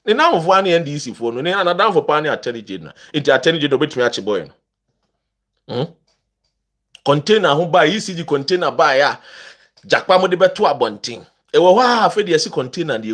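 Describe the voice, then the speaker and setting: Delivering an animated political rant to camera, a Ghanaian man mixes English and Twi with impassioned emphasis for his online viewers. The commentator's voice is on the high side, expressive, a bit fast and fairly bright.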